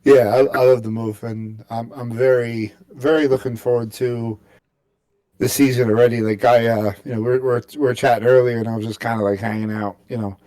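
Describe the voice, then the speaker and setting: A man's voice: mid-range voice, little pitch movement, fairly quick, warm tone, no room sound. A man co-hosting a sports podcast, chatting casually and rambling with lots of fillers and restarts. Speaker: podcast co-host.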